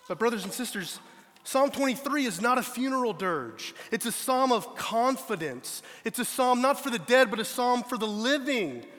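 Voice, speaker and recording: Pastor guy preaching, kinda high voice, earnest and emphatic, long echo off the hall. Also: expressive, normal speed, a bit bright. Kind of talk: sermon.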